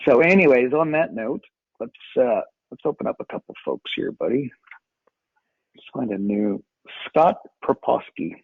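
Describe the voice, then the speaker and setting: Upbeat, joking male call host, gravelly and husky, heard over a tinny phone-like line. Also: medium pitch, sing-song, dry recording. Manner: upbeat, joking, quick banter. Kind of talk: casual call hosting.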